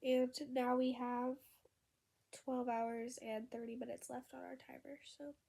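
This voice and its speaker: A woman's voice: high voice, flat delivery, a little slow, gravelly, warm tone. A woman chatting casually to camera in her bedroom as a book vlogger, upbeat and often laughing. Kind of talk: casual vlog chat to camera.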